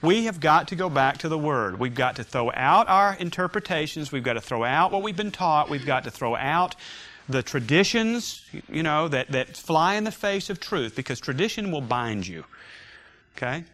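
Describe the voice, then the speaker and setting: A man's voice: a little high, lively intonation, normal speed, fairly bright tone. A man teaching a Sunday school Bible class, emphatic and joking with his students as they discuss scripture.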